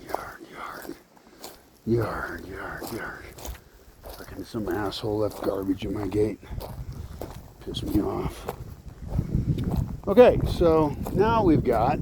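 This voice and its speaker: A man talks to the camera outdoors on his land in a casual, sardonic way, often swearing and muttering to himself. His voice is mellow and relaxed. A faint hiss of background noise sits under the recording. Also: mid-range voice. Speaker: vlogger. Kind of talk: casual walking vlog.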